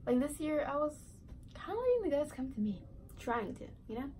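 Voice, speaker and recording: A teenage girl chats through a casual storytime vlog in a slightly high voice, rambling and giggly. She strings her thoughts together with "like" and "right". A faint hiss sits under the recording. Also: very animated, a little fast, mellow, rough recording. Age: teens. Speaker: vlogger.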